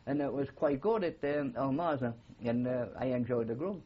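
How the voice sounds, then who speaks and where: Husky and medium-pitched, an older man with a Geordie accent speaks at a moderate pace, recalling his war days in rambling, filler-heavy stories for an oral history interview. The sound is lo-fi.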